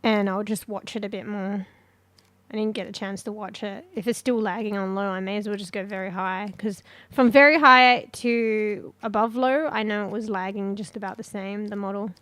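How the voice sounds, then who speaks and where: A woman's voice: mid-range voice, steady tone, normal speed, fairly bright tone. A young Australian woman chatting casually with her stream chat while gaming, swearing freely and offhand.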